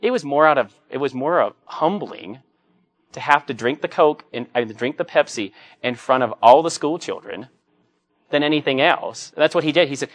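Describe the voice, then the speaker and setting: A man's voice: medium pitch, a little fast. A middle-aged man, a Catholic priest, giving a conversational homily full of joking anecdotes. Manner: anecdotal and joking, acts out quoted voices.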